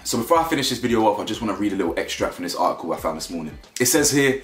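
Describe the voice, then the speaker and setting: A man giving casual opinion commentary, animated and rambling, often restarting and repeating himself. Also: on the low side, very fast, hardly any pauses, reverberant. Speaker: commentary YouTuber.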